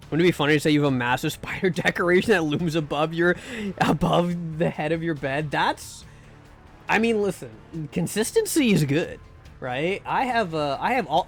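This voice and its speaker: Rambling, joking male streamer, slightly high voice. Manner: rambling and joking, with restarts and mock pleas. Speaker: streamer and VTuber. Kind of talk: casual live-stream chat while gaming. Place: home room.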